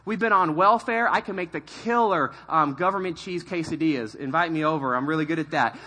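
Bright-voiced man preaching a lively testimony. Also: on the high side, a little fast. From California, USA. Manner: animated storytelling with quoted voices and self-mocking humor. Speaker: pastor. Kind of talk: sermon testimony.

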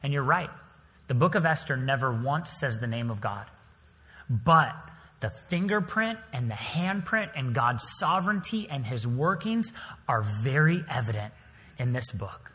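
A man preaching a sermon as a pastor, telling the story in an animated way with dramatic swings in volume. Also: mid-range voice, unhurried, in a large hall.

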